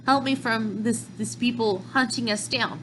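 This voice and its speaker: A woman's voice: a little high, moderate pace, fairly bright tone, a little hiss or hum, pitched above the performer's own voice, lightly acted, poor audio. A woman voicing a small, cute robot that keeps pleading for help, in a casual comic-book recap. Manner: pleading, repeating itself.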